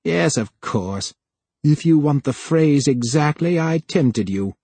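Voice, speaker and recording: A male narrator voicing a plump, scheming male official who sneers and then pleads in a higher voice. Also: animated, slow, gravelly, mellow, slightly rough, no echo, full character voice. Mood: scornful.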